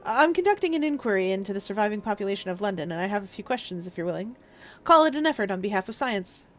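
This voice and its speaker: A woman reading the lines of a polite young gentleman investigator in a measured, formal way. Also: medium pitch, very animated, faint music behind, lightly acted. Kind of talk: reading a text game aloud.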